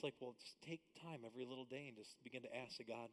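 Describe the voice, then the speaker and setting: A man preaching a live church sermon, swinging between loud emphatic bursts and hushed asides. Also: medium pitch, quick pace. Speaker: pastor. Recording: long hall reverb.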